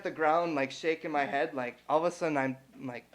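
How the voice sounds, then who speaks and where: A young man with a slightly high voice tells a story in a casual podcast chat. His talk is loose and full of fillers. He curses freely, and he shouts when he acts out what other people said. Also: brisk. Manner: animated, swears freely, acts out quotes loudly. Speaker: podcast co-host.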